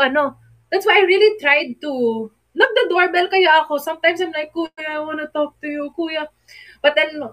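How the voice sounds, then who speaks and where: A woman's voice: high-pitched, a bit bright, low-quality recording. A young Filipino woman with a Filipino accent, chatting emotionally on a live stream and mixing Tagalog into her English. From Philippines. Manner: emotional, mixes Tagalog into English, greets viewers. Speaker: livestreamer. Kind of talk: casual live stream chat.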